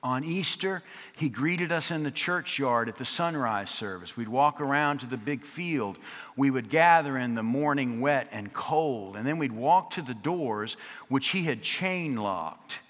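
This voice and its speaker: A man delivers a storytelling sermon with a bright, clear voice. He drops in wry, chatty asides and leans on rhythmic repetition. The sound rings out with a long reverb, as in a church sanctuary. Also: mid-range voice, lively intonation, measured pace. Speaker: preacher. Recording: long reverb of a large hall.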